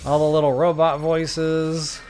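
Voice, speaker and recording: A man talking to his viewers in a relaxed, chatty way while he plays a game live. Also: fairly high pitch, unhurried, over music. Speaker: game streamer. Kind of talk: live gameplay commentary.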